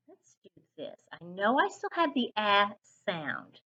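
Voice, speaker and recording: A woman's voice: mid-range voice, big pitch swings, slow pace, pushed and bright, husky. A woman reading teacher leading a phonics lesson for children, sounding out each letter and praising along the way.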